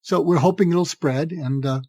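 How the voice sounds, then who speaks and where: An older man, a psychiatrist guest on an interview podcast, telling animated anecdotes and acting out the dialogue in them. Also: fairly high pitch, moderate pace, no room sound.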